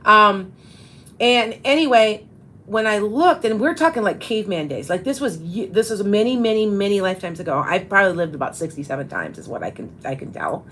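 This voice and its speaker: A woman's voice: mid-range voice, sing-song, fairly quick, fairly bright tone, a little hiss or hum, rough recording. A woman in her fifties, a psychic medium hosting a casual live show, talking in a rambling way with many restarts. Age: 50s. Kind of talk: casual live-stream chat.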